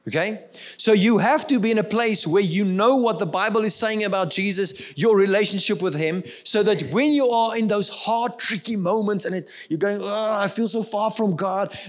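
A middle-aged male pastor preaching a sermon in an earnest, conversational way, checking in with his listeners as he goes. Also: high-pitched.

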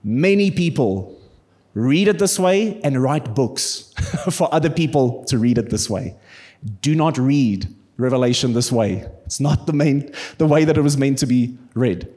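A man's voice: mid-range voice, lively intonation, a little slow, mellow, breathy edge. A man preaching a sermon as a pastor, earnest and emphatic, with playful humour.

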